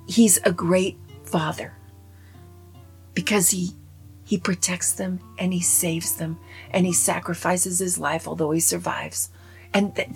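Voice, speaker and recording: Gravelly, husky-voiced woman reviewing a film. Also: lowish voice. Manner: animated, opinionated, rambling with many asides. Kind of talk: casual spoken movie review.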